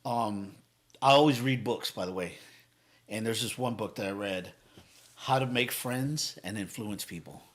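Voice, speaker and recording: Speaking a little slowly in a lowish voice, a man joins a podcast as a motivational speaker. He tells energetic stories in casual conversation, cursing freely and acting out people's quotes.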